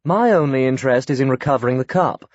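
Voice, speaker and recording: This time the man uses a mid-range, expressive voice at a fast clip, lightly playing the same haughty elderly upper-class lady. Her lines are short and curt, often missing their subjects. The audiobook audio is dry and a little dull.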